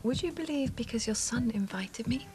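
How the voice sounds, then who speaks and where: An actress as a calm, persuasive woman. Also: fairly high pitch, moderate pace, music in the background, close to an everyday voice. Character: cool, poised woman and new lover. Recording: TV score behind the speech.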